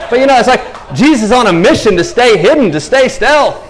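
A man preaching a sermon in a conversational, animated way, acting out the voices of the people in the stories he tells. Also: extremely high pitch, a little fast, a faint crowd.

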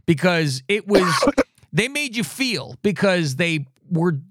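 Male podcast co-host, slightly high voice with a very lively pitch, casual and profane, rambling delivery. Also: slow, no room sound, clean studio sound. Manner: animated, profane, rambling with restarts. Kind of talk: casual wrestling podcast chat.

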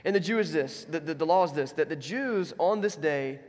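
A man preaching a sermon, retelling a story with lively asides and acting out its characters. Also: fairly high pitch, in a large hall. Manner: animated, acts out characters in quick asides. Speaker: pastor.

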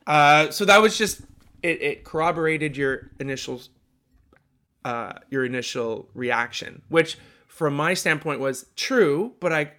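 A man's voice: on the high side, lively intonation, unhurried, sharp tone. A man co-hosting a casual marketing discussion, thinking aloud with frequent restarts and emphatic points. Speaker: podcast co-host. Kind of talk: casual chat about marketing.

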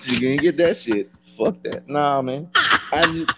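A man telling a story in casual chat, blunt and profane, with a deadpan gripe. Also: on the high side, slow, noisy background.

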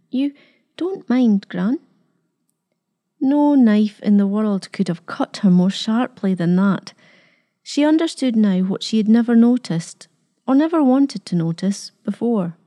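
Warm-voiced woman storyteller. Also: mid-range voice. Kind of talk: scripted narration.

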